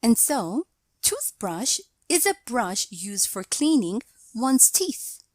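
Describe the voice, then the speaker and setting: Slow, lively-pitched woman teaching grammar. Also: no echo. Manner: measured, explanatory delivery reading out example sentences. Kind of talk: scripted lesson narration.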